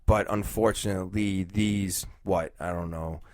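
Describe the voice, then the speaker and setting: A young man talks alone on his podcast, thinking aloud and circling his point with ums and restarts. His voice sits on the low side. The sound is dry and close, with no room around it. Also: fairly even intonation, measured pace, darkish tone, no room sound. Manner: rambling, thinking aloud with fillers. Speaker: podcast host. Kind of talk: casual solo talk.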